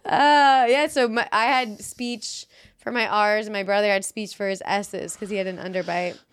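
A woman's voice: medium pitch, fairly even intonation, moderate pace, clear, resonant tone. A young woman hosting a podcast in casual chat, giggling often and losing her train of thought. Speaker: podcast host.

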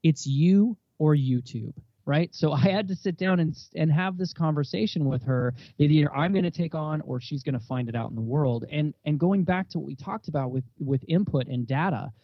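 A man's voice: on the high side, brisk, few pauses, dry recording, lo-fi sound. A man in his thirties, a guest in a casual interview, talking earnestly and acting out the dialogue he recounts. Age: 30s. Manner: earnest, animated, acts out quoted dialogue. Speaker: podcast guest.

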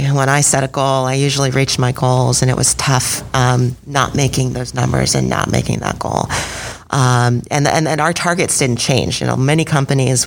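Low, gravelly-voiced woman telling her story. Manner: candid, halting, with frequent fillers and repeated words. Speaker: guest, alumna sharing her career story. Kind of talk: reflective interview storytelling.

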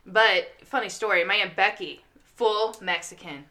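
A woman's voice: mid-range voice, moderate pace, sharp tone. A woman chatting casually on a podcast, telling family stories with many filler words. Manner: chatty storyteller, lots of "like" fillers. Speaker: guest.

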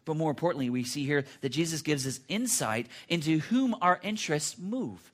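A man's voice: fairly high pitch, animated, a little fast. A man preaching a sermon in an earnest, conversational way, with repetitions and restarts. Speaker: pastor.

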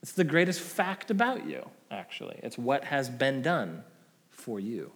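Male pastor preaching, mid-range voice, casual "right?" asides, dynamic loud-soft delivery, in a reverberant church hall. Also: medium pitch, very animated, measured pace. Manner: conversational preaching with frequent "right?" tag questions; swings between loud emphatic peaks and soft dropped endings. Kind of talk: sermon.

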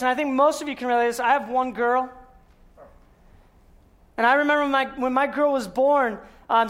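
A man giving a sermon, telling the story with rhetorical questions and earnest emphasis, sometimes dropping to a hushed voice. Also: very high-pitched. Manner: storytelling, asks rhetorical questions and answers them. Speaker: guest speaker.

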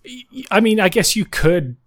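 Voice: mid-range voice, expressive, normal speed. An interview host asking thoughtful questions in a casual way, often restarting words mid-sentence.

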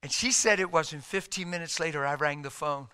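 High, bright-voiced male preacher. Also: fairly quick, clean tone. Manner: animated, humorous storytelling. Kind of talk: sermon.

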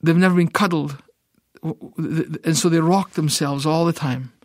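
Scottish guy, middle-aged, stumbles over his words a lot, kinda high voice. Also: normal speed, darkish tone, dry recording, clean studio sound. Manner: stammering, repeats words, vivid storytelling. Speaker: ministry founder, guest. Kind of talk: emotional personal testimony.

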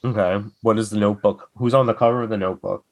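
A man's voice: fairly low pitch, steady tone, fast talker, dry recording. A man co-hosting a podcast in casual chat, cracking crude jokes and teasing his co-host.

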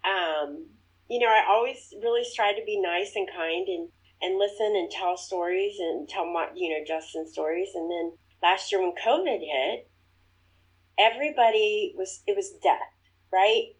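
A woman, telling a personal story as an interview guest, earnest and growing animated when she retells her own thoughts. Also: medium pitch, a little slow, low-quality recording.

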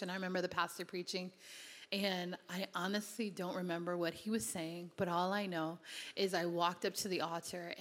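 A woman from Connecticut, USA, gives a personal testimony during a sermon in a lowish, fairly bright voice, and a long reverb tail follows her words. She's earnest and conversational, using many casual fillers.

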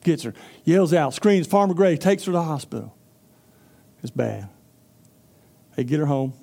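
Folksy pastor, mellow tone. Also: male voice, on the high side, expressive, moderate pace, creaky. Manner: folksy storytelling, acts out character voices. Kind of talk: sermon.

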